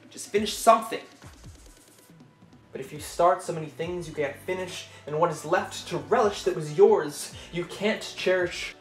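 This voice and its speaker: A man performs spoken word poetry intensely, swinging between loud outbursts and quiet, low lines. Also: normal speed, soft background music. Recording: echoey room.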